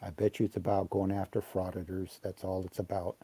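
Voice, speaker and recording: A man commenting in a low-key, matter-of-fact way in a casual stream chat. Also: little pitch movement, brisk, dark tone, slightly rough.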